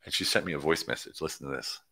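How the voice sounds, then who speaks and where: A middle-aged man, a coach hosting a livestream, chatting casually and excitedly with viewers and rambling from topic to topic. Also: a bass voice, fast talker, vocal fry. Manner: excitable, rambling, hypes his program, jumps between topics. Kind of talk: casual livestream chat, reading out viewer comments.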